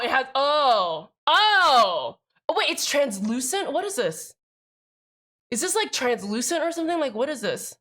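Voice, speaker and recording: A woman's voice: fairly high pitch, a bit bright. A young woman livestreaming as she builds a keyboard, rambling casually, cutting herself off mid-thought, swearing freely and answering her chat.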